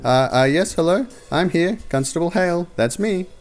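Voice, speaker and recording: A man voicing an earnest, excitable young male rookie cop who gets flustered easily, pitched well above his own voice. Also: moderate pace, faint music behind, close to an everyday voice. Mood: eager.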